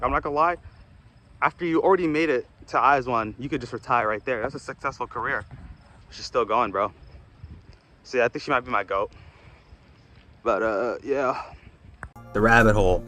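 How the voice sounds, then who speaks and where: A man's voice: medium pitch, a bit bright. A young man rambling casually in a vlog, slangy and swearing, calling his viewers bro. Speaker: video essayist.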